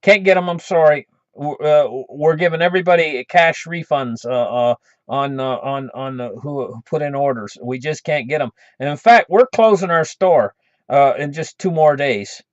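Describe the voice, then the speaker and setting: A man's voice: fairly high pitch, no echo, close to an everyday voice. A man doing a stumbling apologetic dealer. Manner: halting, stumbling over fillers. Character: hesitant male silver dealer with excuses. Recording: dull lo-fi recording.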